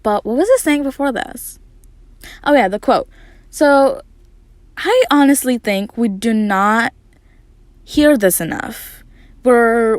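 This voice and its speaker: A woman's voice: a little high, dry recording. Woman, podcast host, chatty, rambling, fillers, closet at home, dry close sound. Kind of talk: casual solo podcast talk.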